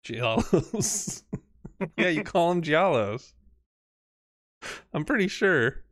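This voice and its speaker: A man's voice: on the high side, animated, a little slow, a bit bright, no echo, studio quality. A man co-hosting a gaming podcast, joking and teasing in casual chat, often trailing off into laughter. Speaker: podcast co-host.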